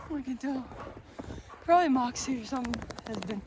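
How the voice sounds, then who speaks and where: Chatting playfully while coaxing her dog through the snow, a young woman vlogs in a high, animated, mellow voice at a fairly quick pace, broken by long pauses. She sounds a little out of breath, and a faint hiss or hum runs underneath.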